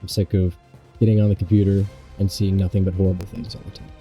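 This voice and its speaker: A man's voice: deep voice, flat delivery, fast, muffled recording, faint music behind. A man hosting a comedic mock news show, rambling in a mock-serious newscaster manner with swearing asides. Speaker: host.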